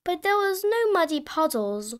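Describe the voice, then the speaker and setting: A woman voicing a lively little girl piglet in a storybook reading, eager and childlike. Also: extremely high pitch, normal speed, voice pushed up.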